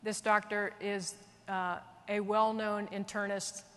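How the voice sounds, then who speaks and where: A woman military leader telling a story in an earnest, animated way, speaking at a conference. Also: mid-range voice, slow pace. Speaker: military leader giving a speech. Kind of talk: storytelling speech. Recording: long reverb of a large hall.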